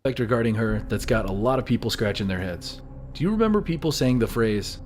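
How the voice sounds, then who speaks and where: A man's voice: medium pitch, expressive, quick pace, darkish tone, a little hiss or hum. A man in his thirties giving earnest, scripted narration and asking the viewers questions directly. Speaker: video narrator.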